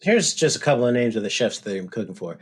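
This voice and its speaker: A man's voice: mid-range voice, very animated, quick pace, breathy edge. A man co-hosting a podcast, chatting casually with friends in a playful, teasing way. His voice sits in an everyday middle register. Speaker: podcast co-host. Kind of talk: casual comedic chat.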